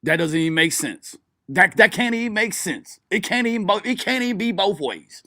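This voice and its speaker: This streamer has a high voice that sounds pushed and bright, with lively intonation and a moderate pace. Reacting to a live video, he mocks it profanely and laughs often. It's a dry recording with clean studio sound.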